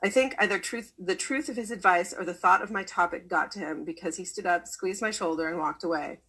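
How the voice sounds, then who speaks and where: A woman reads a personal story aloud at a measured pace, slowing down to lean on key words. Her voice sits a little low and is husky, with a breathy grain. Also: a bit bright, low-quality recording. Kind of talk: reading a memoir aloud.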